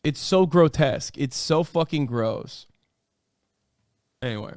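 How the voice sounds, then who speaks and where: A man's voice: fairly high pitch, measured pace, pauses often, a little mellow, no room sound, studio quality. A man hosting a livestream, reacting in casual, profane and incredulous commentary. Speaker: livestream host.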